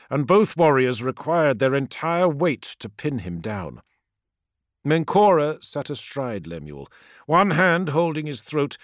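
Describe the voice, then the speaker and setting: A man giving dramatic, expressive audiobook narration. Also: on the high side, no room sound, studio quality. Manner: expressive storytelling.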